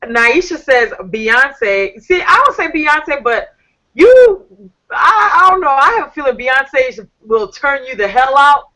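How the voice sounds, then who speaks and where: A woman hosts a live online chat in a bright, forceful voice. She talks with sass and animation, reading viewers' messages aloud. Her voice comes through a laptop or phone mic on a video call. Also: high voice, big pitch swings, slow pace, poor audio. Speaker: talk show host. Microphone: computer or phone on a video call.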